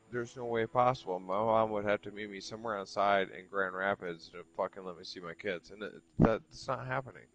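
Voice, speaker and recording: A man's voice: lowish voice, a bit bright, rough recording. A man telling a long story in casual chat while gaming, rambling, swearing freely and leaning on "like" constantly. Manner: rambling, profane, heavy use of "like". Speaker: streamer chatting while gaming.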